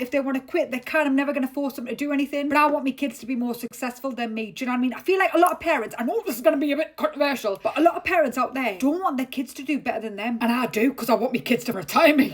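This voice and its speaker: A young woman with a Geordie accent, chatting bluntly and jokily to camera as a vlogger. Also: sits high. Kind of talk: casual talking-to-camera monologue.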